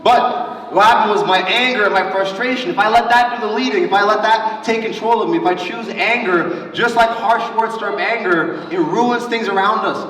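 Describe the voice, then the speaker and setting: A man's voice: sits high, moderate pace. A man leading a church lesson for kids, telling stories energetically and acting out the quotes. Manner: energetic, storytelling with acted-out quotes. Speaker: youth pastor. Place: large church hall. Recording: roomy hall heard from a distance.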